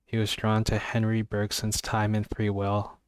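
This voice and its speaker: A man's voice: lowish voice, completely flat delivery, unhurried, clean tone, no echo. A young man reading book blurbs aloud in a casual vlog, with offhand jokey asides and stumbles over words. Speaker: book vlogger.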